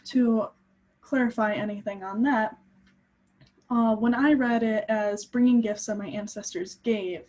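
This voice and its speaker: A young woman gives a class presentation, explaining her points earnestly from her notes. Her voice sits fairly high but has a mellow, warm tone. She stumbles now and then, pausing on an um or restarting a phrase. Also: poor audio. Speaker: student presenter.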